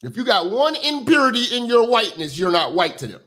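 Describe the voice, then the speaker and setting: A man's voice: very high-pitched, big pitch swings, fairly quick, a bit bright. A man hosting a casual reaction commentary, ranting bluntly and profanely about what he watches. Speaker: commentary host.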